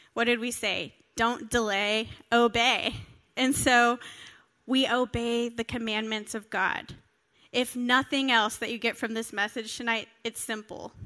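Woman preacher, sermon with scripture reading, high-ish bright tone, earnest and direct. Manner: earnest, emphatic, talks directly to listeners.

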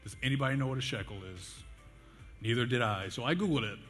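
A young man preaches a casual sermon in a mid-range, slightly bright voice, talking fast. He's conversational, jokey and self-deprecating, telling stories with lots of fillers and laughs. Long hall reverb surrounds him, with faint music behind.

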